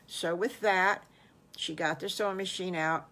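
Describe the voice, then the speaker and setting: A woman's voice: on the low side, steady tone, measured pace, fairly bright tone. An older woman improvising a children's story in a folksy, homespun way.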